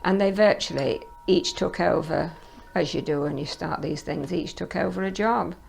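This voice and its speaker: A woman's voice: fairly low pitch, normal speed, creaky, a little mellow, soft background music, rough recording. An older woman, recalling details hesitantly in an oral history interview.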